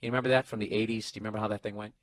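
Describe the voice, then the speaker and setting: A man's voice: lowish voice, level tone, racing. A man ranting sarcastically and profanely on a casual comedy podcast, recorded on a single microphone in a hotel room. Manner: profane, sarcastic, acts out quoted voices. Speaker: podcast host. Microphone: single microphone, no headphones.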